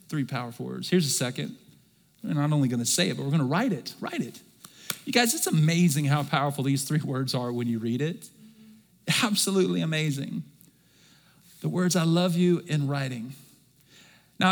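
A man preaches to his church in a high, bright voice that carries a long reverb through the hall. He drops low and quiet, then climbs loud and emphatic, calling out for the congregation to answer back. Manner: swings from soft and low to loud and emphatic, calls for congregation response. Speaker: pastor. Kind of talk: sermon.

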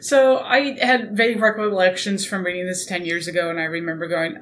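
A woman's voice: mid-range voice, a little fast, hardly any pauses. Thoughtful woman podcast co-host, faint hiss. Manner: thoughtful, steers the discussion with questions. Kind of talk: casual book-club podcast chat.

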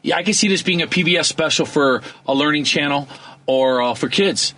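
A man co-hosting a radio talk show, pitching ideas with enthusiasm and often restarting and correcting himself. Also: a little fast, pushed and bright, low-quality recording. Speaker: radio co-host.

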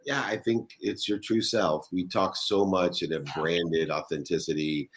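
A man's voice: deep voice, level tone, unhurried. A man as an interview guest, talking earnestly and emphatically in a motivational way. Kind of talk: motivational conversation.

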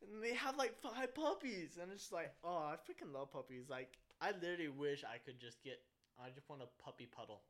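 A young man co-hosting a casual podcast, his voice sitting a little high for a man. He talks in an animated, joking way and swears freely as he tells stories. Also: brisk. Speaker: podcast co-host. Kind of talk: casual chat.

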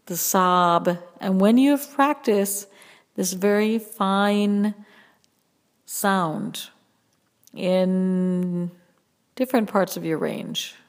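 A woman vocal coach hosting a podcast, teaching slowly and gently and demonstrating vocal sounds. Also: medium pitch, in a large hall. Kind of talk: voice lesson with sung demonstrations.

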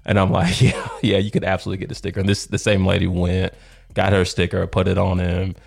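A man in his thirties, a podcast co-host, telling a long story in a rambling, animated way with lots of fillers. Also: low-pitched, fast talker, creaky, slightly rough. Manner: rambling, animated, laughs often, many fillers. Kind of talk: casual storytelling chat.

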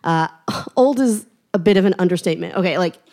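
A young woman tells a personal story in a lively, self-mocking way, often laughing through her lines as the tale builds. Her voice is fairly low and a little fast.

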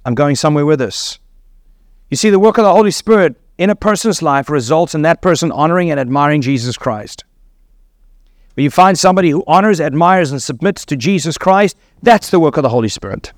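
A preacher gives a sermon in a fairly high voice, animated and fairly quick, teaching earnestly and putting rhetorical questions to his listeners. The audio is dry and close, without room echo.

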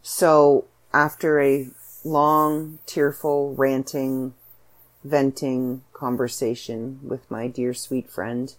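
A Canadian woman with a Canadian accent, hosting a podcast and talking casually about her writing in a chatty, animated way. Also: a bass voice, slow. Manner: chatty, animated storytelling with voiced asides. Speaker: podcast host and author. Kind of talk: casual solo podcast monologue.

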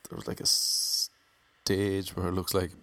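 An Irish man telling a rambling, jokey anecdote in a casual way, now and then slipping into quick mock voices for the people in it. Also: low voice, level tone, bright, forceful tone, dry recording. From Ireland. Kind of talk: casual comedic storytelling.

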